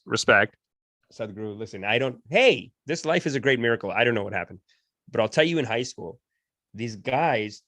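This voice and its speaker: A man's voice: medium pitch, a bit bright, no echo. A man hosting a satirical reaction show, joking and laughing often in a mock-reverent way. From Canada. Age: adult, not yet sixty. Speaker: comedic reaction host.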